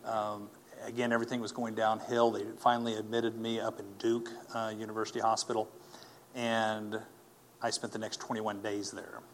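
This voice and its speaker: A low-voiced man recounts his testimony earnestly, pausing and restarting often. A faint hiss of noise sits under his voice. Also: flat delivery. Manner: earnest, halting, with many fillers and restarts. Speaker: speaker telling his testimony. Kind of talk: personal testimony talk.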